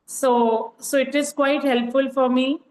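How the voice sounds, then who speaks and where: A woman's voice: high-pitched, steady tone, unhurried, darkish tone, echoey room, slight background noise, rough recording. A woman sharing her experience on a coaching call, talking casually with many "you know" fillers. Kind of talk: casual online group call.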